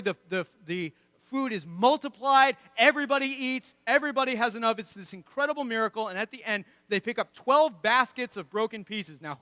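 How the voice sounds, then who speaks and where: Guy preaching in church, bright forceful tone, keeps asking the crowd questions. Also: very high-pitched, dry recording. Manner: conversational and emphatic, rhetorical questions. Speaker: pastor. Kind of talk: sermon.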